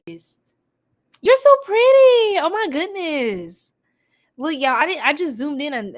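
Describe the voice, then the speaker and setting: A woman with a New York accent and a slightly high voice, talking loosely with her livestream viewers. She is goofy and quick to laugh as she runs her tarot reading. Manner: goofy and giggly, laughs often. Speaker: tarot reader host. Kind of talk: casual livestream chat reading comments.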